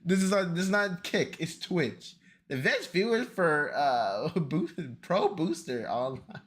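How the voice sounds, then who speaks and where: A young man chatting on his stream, rambling through his setup. His pitch jumps around a lot as he exclaims and talks to himself. The talk is loose and casual. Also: big pitch swings, slow, a bit bright. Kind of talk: casual stream chat while setting up a video.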